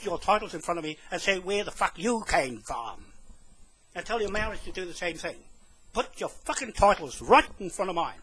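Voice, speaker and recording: Raging, husky-voiced New man. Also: high voice, big pitch swings, moderate pace, fairly bright tone, poor audio. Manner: furious, swearing, emphatic repetition. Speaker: complainant addressing police on camera. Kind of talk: angry rant to camera.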